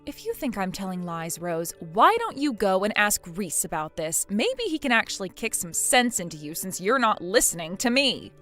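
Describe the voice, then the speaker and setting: A woman's voice: mid-range voice, very animated, moderate pace, few pauses, a bit bright, soft background music. A woman voicing a weary young wife in a text-message drama, pleading and defensive.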